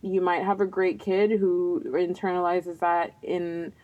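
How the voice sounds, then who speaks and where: A woman's voice: on the low side, little pitch movement, unhurried, mellow, dull audio. A young woman co-hosting a casual podcast, candid and a little self-conscious, laughing often. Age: young adult. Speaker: podcast co-host. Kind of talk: casual chat.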